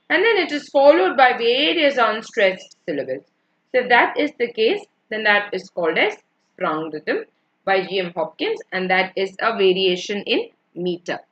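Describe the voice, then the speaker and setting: A woman's voice: on the high side, a bit bright, dull audio. A woman teaching an online literature class, explaining points patiently, repeating them and checking in with her students. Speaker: English literature lecturer. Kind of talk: online lecture.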